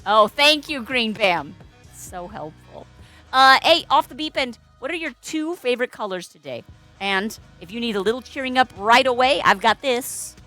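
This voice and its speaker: A woman's voice: on the high side, lively intonation, moderate pace, bright, forceful tone, faint music behind. A woman hosting a casual livestream as a balloon artist, chatty and playful, greeting viewers and making puns. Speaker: balloon artist streamer host.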